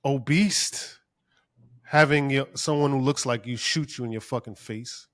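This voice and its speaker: A man's voice: medium pitch, steady tone, normal speed, fairly bright tone. A man co-hosting a podcast, talking casually and ranting profanely, his voice climbing when he gets worked up. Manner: profane, heated rant. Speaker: podcast co-host.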